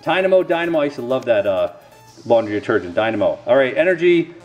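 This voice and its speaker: A man's voice: medium pitch, very animated, fast talker, darkish tone, lo-fi sound, faint music behind. A middle-aged man rambling casually to camera while opening card packs, with self-mocking, folksy asides.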